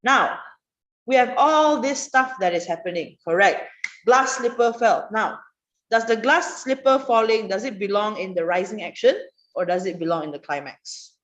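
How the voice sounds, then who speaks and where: Lively woman teaching on a roomy call. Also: mid-range voice, moderate pace. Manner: lively, prompting students and praising answers. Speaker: writing workshop teacher. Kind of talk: online class, question and answer. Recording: roomy, dull online class audio.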